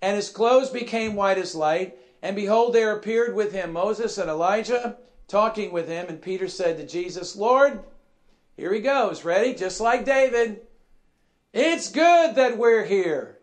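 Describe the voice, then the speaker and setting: A man preaching a sermon, emphatic and repetitive, asking his listeners questions and swinging from soft asides to shouted emphasis. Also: sits high, normal speed. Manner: emphatic, repeats key phrases, asks the congregation questions.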